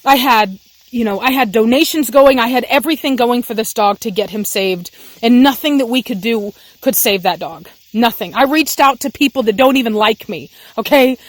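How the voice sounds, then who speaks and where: A woman's voice: on the high side, moderate pace, no room sound. A young woman with a Texan accent, a dog breeder ranting angrily and passionately in a vlog, often repeating herself. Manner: angry, impassioned, repeats herself. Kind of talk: emotional vlog rant.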